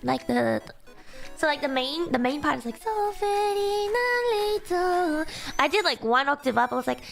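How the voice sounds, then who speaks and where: A woman's voice: sits high, fairly even intonation, a little fast, vocal fry, a bit bright, soft background music. A woman streamer chatting casually and reading donations, bubbly and giggly with lots of fillers, her voice still sleepy and just waking up. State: sleepy morning voice.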